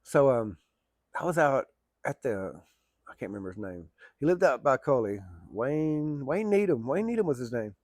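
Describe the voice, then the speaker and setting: A man's voice: mid-range voice, sing-song, normal speed, a little mellow, dry recording, clean studio sound. A middle-aged man telling a long story in a rambling, colloquial, folksy way. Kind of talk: casual spoken storytelling.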